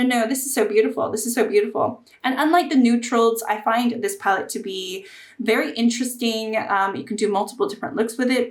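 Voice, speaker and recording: A beauty YouTuber chats to camera while reviewing and ranking makeup palettes, gushing and breaking into bursts of excitement. Her voice runs on the high side and sounds reverberant.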